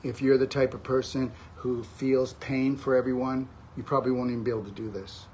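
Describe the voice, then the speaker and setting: A man's voice: mid-range voice, level tone, brisk, a little mellow, slight background noise. Emphatic man coaching a self-treatment demo. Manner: emphatic, frequent "okay?" check-ins; physically clapping his own neck and back while talking. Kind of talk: instructional demonstration.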